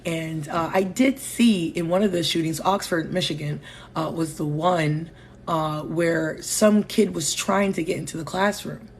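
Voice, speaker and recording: A woman from Connecticut with a local accent, hosting a live stream on her phone and talking in an animated, opinionated, chatty way with her viewers. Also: sits low, unhurried, slight background noise. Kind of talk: casual live-stream talk.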